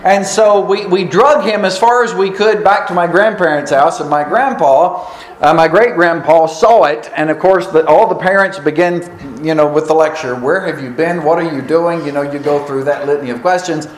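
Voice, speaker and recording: A man preaching a storytelling sermon in a church, folksy and unhurried with drawn-out pauses. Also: on the high side, reverberant, poor audio.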